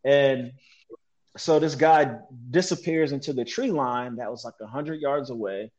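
A man telling a story as a guest in an interview, animated and slangy, mimicking sounds as he relives events. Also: mid-range voice, a little slow, highs cut off. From United States. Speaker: guest, military veteran.

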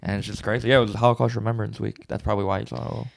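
A man co-hosting a podcast, telling laid-back stories with deadpan jokes in casual comedic chat. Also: lowish voice, racing, creaky, a little hiss or hum. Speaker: podcast co-host.

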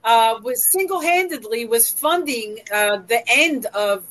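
Woman, middle-aged, high voice, frank, reflective. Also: lively intonation, measured pace, fairly bright tone, a little hiss or hum, rough recording. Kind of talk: casual chat.

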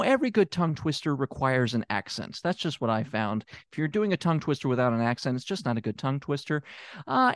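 A man's voice: mid-range voice, clear, resonant tone, dry recording, clean studio sound. A man from Memphis, Tennessee, hosting a comedy podcast as a therapist, rambling and hesitant with many restarts. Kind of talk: improvised comedic monologue.

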